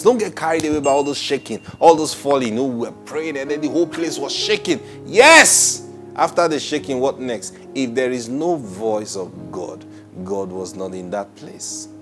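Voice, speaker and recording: A man preaching a Bible study sermon, animated, acting out quoted voices and laughing often. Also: medium pitch.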